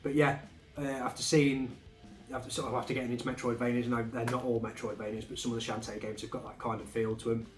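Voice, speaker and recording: A man chatting casually about his game finds, relaxed and rambling with fillers. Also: mid-range voice, quick pace. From England. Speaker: game collecting vlogger. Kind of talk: casual chat. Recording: echoey room, faint music behind.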